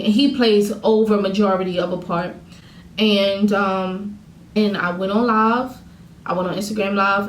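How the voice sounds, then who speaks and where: A woman's voice: medium pitch, a little hiss or hum. Venting woman vlogger in an echoey room. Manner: candid, venting, addresses viewers as y'all. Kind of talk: emotional storytime vlog.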